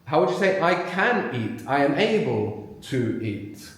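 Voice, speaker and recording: A man's voice: fairly high pitch, big pitch swings. Man teaching a live class in an echoey room. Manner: prompting, quick explanations with pauses for answers. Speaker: language teacher leading a live workshop. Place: large room with a live audience.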